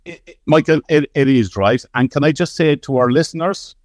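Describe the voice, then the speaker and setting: A man with an Irish accent giving animated sports punditry on a podcast, often checking in with "right?". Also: a little high, moderate pace, no room sound, studio quality. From Ireland. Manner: animated, keeps asking "right?".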